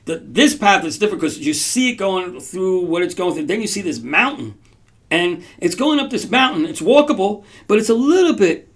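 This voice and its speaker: A man's voice: high-pitched, expressive, normal speed. A man hosting a podcast, telling a story casually to his audience in a rambling way, with restarts and frequent checks like "right?". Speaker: podcast host.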